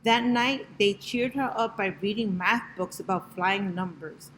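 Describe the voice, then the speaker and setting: Slow, gentle woman reading a picture book. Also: medium pitch, slight background noise, poor audio. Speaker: storybook reader.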